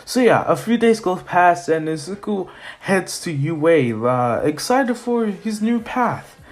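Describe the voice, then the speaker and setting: A man's voice: sits high, big pitch swings, slow pace. A young man casually retelling an anime story as a fan, rambling, correcting himself and laughing at his own slips.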